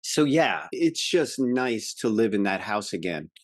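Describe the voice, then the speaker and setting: A man's voice: fairly low pitch, big pitch swings, measured pace, no room sound. Man, podcast co-host, casual movie recap, acts out quotes, dry mic.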